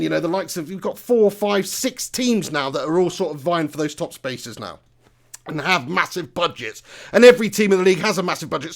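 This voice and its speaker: A young man rants through a live football reaction stream. His voice sits high and has a gravelly edge. He swears freely and piles up rhetorical questions. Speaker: football fan channel host. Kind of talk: live match reaction rant.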